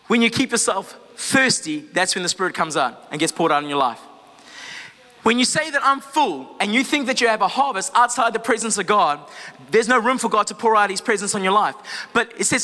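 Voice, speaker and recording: A man's voice: sits high, animated, fairly quick, bright, forceful tone. Impassioned male preacher in a reverberant hall. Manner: impassioned, rising to fervent prayer declarations; asks the congregation questions, casual asides. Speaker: pastor. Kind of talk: sermon. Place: church service.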